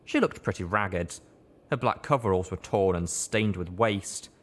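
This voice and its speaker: A man narrating a first-person story as an audiobook reader, in a steady, measured way. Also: deep voice.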